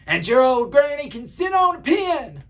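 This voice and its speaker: A man voicing a rude, bossy little male pig who shouts at his visitor. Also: very high-pitched, very animated, normal speed, pitched above the performer's own voice, heavily acted.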